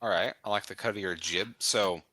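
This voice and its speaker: A man playing a tabletop game, playful and rambling as he thinks out loud. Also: low voice, brisk, slight background noise. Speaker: player.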